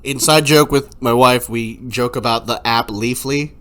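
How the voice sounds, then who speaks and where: A man co-hosting a casual podcast, laid back and cracking quick jokes with plenty of swearing. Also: medium pitch, fairly even intonation, a bit bright. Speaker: podcast co-host. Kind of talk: casual chat.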